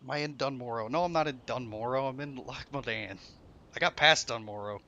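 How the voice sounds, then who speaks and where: A man's voice: mid-range voice, a little fast, pushed and bright, highs cut off. A young man streaming a game from his room at home, ranting and swearing to his chat in frustration. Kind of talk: frustrated live-stream commentary.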